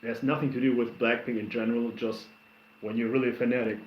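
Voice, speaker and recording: A man's voice: mid-range voice, fast talker, a little hiss or hum. Rambling man chatting on a roomy stream. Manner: rambling, animated storyteller with many restarts. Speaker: livestream host reacting to music. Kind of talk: casual livestream chat answering comments. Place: home. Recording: roomy, somewhat dull stream audio.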